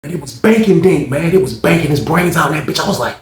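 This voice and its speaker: Brief: male storyteller, fairly high voice, acts out all the voices, roomy echoey sound. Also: animated, fast. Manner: acts out every character with loud raised voices, drops to hushed asides. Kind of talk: animated casual storytelling.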